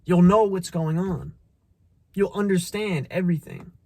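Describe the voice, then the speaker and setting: A man with a high-pitched voice delivers a casual motivational monologue, blunt and full of swearing. He preaches straight at the listener, repeats his points and trips over restarts. The recording is close and dry, with no room sound. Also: measured pace, a little mellow, no room sound. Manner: repeats phrases, stumbles on restarts. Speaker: motivational vlogger.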